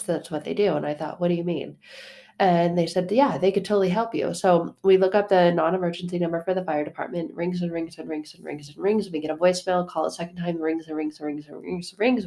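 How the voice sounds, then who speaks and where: A woman with a fairly low voice tells a personal story in a loose, chatty way. She fills her talk with fillers and jumps between hushed asides and loud, excited bursts. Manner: animated, swings from hushed to loud, lots of fillers. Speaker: podcast host. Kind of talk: casual storytelling.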